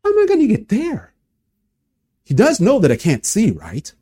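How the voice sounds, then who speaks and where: A man's voice: high-pitched, wildly swooping pitch, normal speed, warm tone, breathy edge, pitched above the performer's own voice, exaggerated voice. A man voicing a blind beggar man. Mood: wondering. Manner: muttering inner thoughts, wry.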